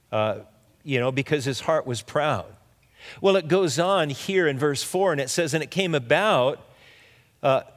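A pastor giving a conversational sermon, teaching through a Bible passage with frequent restarts and asides. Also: male voice, on the high side. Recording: long hall reverb.

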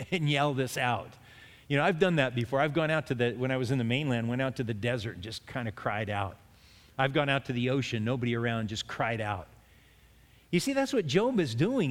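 A man with a somewhat raised voice preaching an expository sermon in a plain, conversational way. He stumbles and restarts often, then climbs higher when he gives voice to Job's lament. The sound carries a long hall reverb. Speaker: pastor.

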